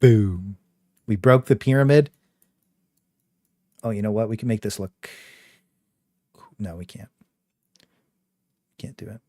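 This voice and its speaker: A man's voice: lowish voice, slow, pauses often, dark tone, no echo, clean studio sound. A young man casually chatting on his game livestream, rambling with lots of fillers and a trolling swagger. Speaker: game streamer.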